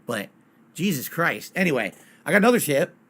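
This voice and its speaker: A man's voice: a little high, big pitch swings, a little fast, a bit bright. Blunt, swearing male game streamer. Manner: blunt, ranting, swears freely. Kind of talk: casual live-stream chat.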